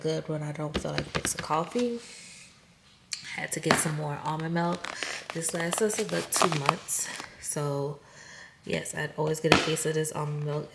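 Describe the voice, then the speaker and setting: A woman's voice: sits low, vocal fry, heavy background noise. A woman vlogger casually chatting through a grocery haul, talking straight to her viewers and laughing at herself. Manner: chatty, self-amused, talks to viewers directly.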